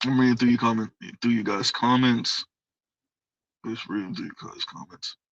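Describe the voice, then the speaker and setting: Male livestream host, bright and slightly high, rambling and repetitive, laughs a lot, dry close sound. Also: normal speed, creaky, no room sound, lo-fi sound. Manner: rambling, repeats himself, laughs often. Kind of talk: casual live chat reading comments.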